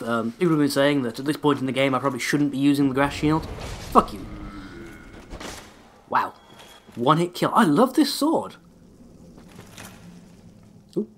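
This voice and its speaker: With a little hiss or hum in the recording, a man speaks in a mid-range voice while giving sarcastic, rambling let's-play commentary. He swears often as he plays and, due to a sore throat, keeps his voice held back.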